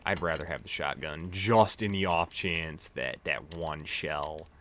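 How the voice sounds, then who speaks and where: A man's voice: a bass voice, measured pace, fairly bright tone, a little hiss or hum. A man giving rambling, offhand gameplay commentary as a let's play host, swearing casually.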